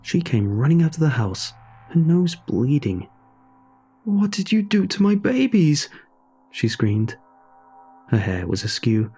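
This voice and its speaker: A man reading a first-person horror story in a measured, dramatic storytelling manner. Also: medium pitch, dark tone, slightly rough.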